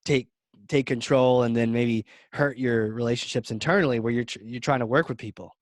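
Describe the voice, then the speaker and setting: A man hosting a podcast interview, talking casually and enthusiastically in quick bursts. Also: medium pitch, no room sound, clean studio sound. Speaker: podcast host.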